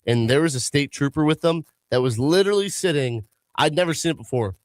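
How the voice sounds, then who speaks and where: A man's voice: a little high, animated, fairly quick, no echo. A man co-hosting a sports talk show, telling stories and asking the others pointed questions. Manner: chatty storyteller who asks pointed questions.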